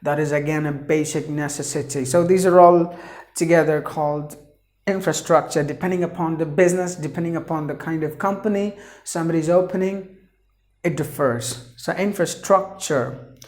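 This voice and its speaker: A woman teaching English pronunciation in a slow lesson. She spells out letters and repeats each word several times. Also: deep voice, fairly even intonation, darkish tone. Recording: echoey room.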